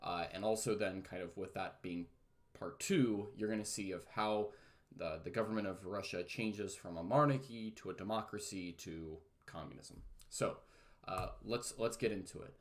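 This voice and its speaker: A man's voice: sits low, moderate pace. A man teaching a recorded online lesson in a casual, chatty way, with lots of fillers and jokes at his own expense. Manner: chatty, many fillers, self-mocking jokes.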